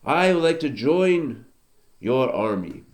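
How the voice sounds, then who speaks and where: A man voicing a cheerful poor handyman who chats brightly about his luck. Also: mid-range voice, very animated, takes it slowly. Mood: earnest. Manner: upbeat, chatty, Yiddish-flavored words. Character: cheerful poor male handyman, always happy.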